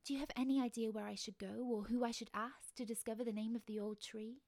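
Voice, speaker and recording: A woman's voice: on the high side, fairly even intonation, fast, a little mellow, no room sound, lightly acted. A woman doing a tiny earnest storybook mouse. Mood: asking. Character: small timid but brave male mouse.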